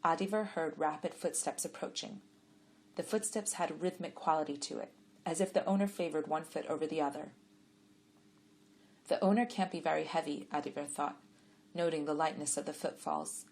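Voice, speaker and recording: A woman reads a story aloud in a calm, measured way. Her voice sits on the low side for a woman, steady and unhurried. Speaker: audiobook narrator. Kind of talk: scripted narration.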